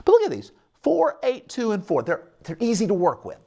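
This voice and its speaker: Middle-aged male TV math teacher, upbeat and coaxing, slightly high, gravelly voice. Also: huge pitch swings, fairly quick, dark tone. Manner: upbeat, coaxing, checks in with viewers often. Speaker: math teacher hosting a call-in show. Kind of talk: televised math lesson.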